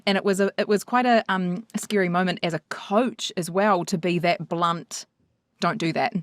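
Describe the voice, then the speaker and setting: Lively woman accent coach, dry sound. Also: on the low side, normal speed, dry recording. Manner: animated storyteller who acts out both sides of a dialogue. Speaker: accent coach and podcast co-host. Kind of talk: casual podcast chat.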